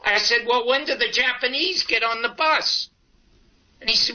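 A man's voice: very high-pitched, moderate pace. A man in his eighties, a comedian and talk show host, telling a long story and acting out both sides of the dialogue. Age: 80s. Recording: dull lo-fi broadcast audio.

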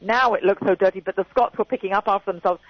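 A woman's voice: medium pitch, quick pace, no echo. An older woman in her sixties with an English accent, a guest in a casual radio chat who talks emphatically and repeats her key points. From England. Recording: dull radio or phone audio.

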